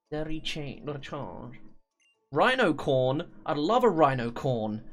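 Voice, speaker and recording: A man's voice: a little high, sing-song, a little slow. A man talking casually through a game on a live stream, rambling, stumbling over words and laughing often. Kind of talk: live-stream gameplay commentary. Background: faint game music.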